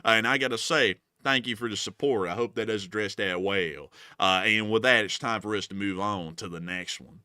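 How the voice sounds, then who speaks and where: A man's voice: on the low side, fairly quick, hardly any pauses, bright, forceful tone, smooth, dry recording, clean studio sound. A young man co-hosting a live news stream, upbeat and chatty as he thanks supporters, laughing often. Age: young adult. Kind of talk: live-stream super chat thank-yous.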